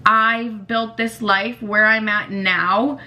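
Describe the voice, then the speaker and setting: A woman's voice: on the high side, fairly even intonation, slow pace, bright, forceful tone. A young woman hosting a podcast, talking bluntly and emotionally about her family and swearing freely. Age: young adult. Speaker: podcast host. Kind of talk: candid personal monologue.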